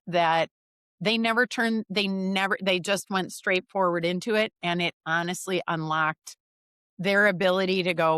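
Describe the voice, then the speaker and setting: Middle-aged woman coach from the Midwest, lively storyteller, dry close mic. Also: lowish voice, no echo. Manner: animated, acts out quoted dialogue. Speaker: leadership coach. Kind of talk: conversational storytelling.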